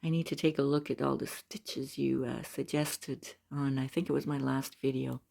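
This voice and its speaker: A woman from Canada talking casually as a crochet vlogger, gushing and excitable as she opens mail. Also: a bass voice, moderate pace, vocal fry. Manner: gushing, excitable, frequent squeals and laughs. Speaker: crochet YouTuber. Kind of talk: casual unboxing vlog.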